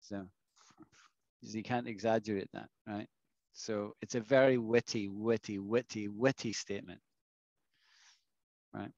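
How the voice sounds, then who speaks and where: A man's voice: fairly low pitch, steady tone, measured pace, long pauses, darkish tone, no room sound. A man teaching English in a classroom, explaining patiently and often checking understanding with the students. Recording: dull lo-fi dry recording.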